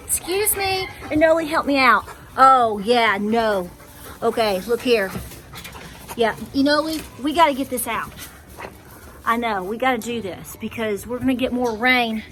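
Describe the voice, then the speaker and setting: A woman's voice: fairly high pitch, expressive, a little slow, fairly bright tone, slight background noise. A woman, chatting cheerfully as a homestead vlog host while doing chores in a barn. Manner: chatty, cheerful, talks to her animals. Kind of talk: casual vlog chat. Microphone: camera held by a helper.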